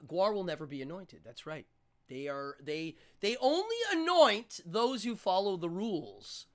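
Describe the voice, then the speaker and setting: A man's voice: high-pitched, pushed and bright. A man hosting a live show, chatting casually in an upbeat, rambling way and laughing easily. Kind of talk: casual live-stream chat.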